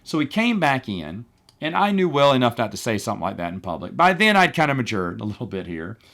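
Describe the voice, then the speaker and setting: A middle-aged man tells stories from his old job in a relaxed, chatty monologue. He is animated and wry, with exasperated asides, and he slips into other voices when he quotes people. His voice sits at an ordinary pitch for a man. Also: fast, creaky. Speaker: podcast host. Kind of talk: casual storytelling monologue.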